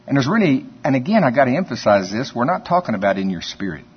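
Husky preacher, folksy storytelling. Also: male voice, medium pitch, big pitch swings, fast. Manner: conversational storytelling, chuckles often. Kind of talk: folksy sermon. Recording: dull lo-fi sermon recording.

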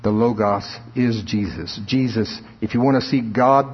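A man's voice: fairly low pitch, a little slow, husky. Preacher man in an echoing hall. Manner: preaching with rising emphatic swells and laughs. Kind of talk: sermon. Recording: lo-fi reverberant hall recording.

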